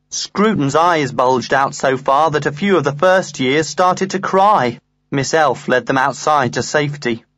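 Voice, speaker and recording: A man reading a comic diary aloud in the first person, earnest and lively. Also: on the high side, no echo. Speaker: audiobook reader.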